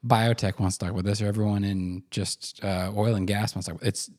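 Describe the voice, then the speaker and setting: A man's voice: fairly low pitch, fairly even intonation, quick pace, darkish tone. A man co-hosting a podcast in casual chat, joking, laughing often and restarting his sentences. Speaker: podcast co-host.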